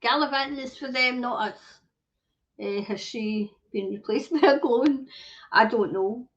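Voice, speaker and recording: Her voice is a little high and fairly bright, and she keeps a measured pace. The Scottish woman is hosting a casual livestream, angrily ranting with plenty of swearing while reading viewers' comments aloud, all in dull lo-fi sound.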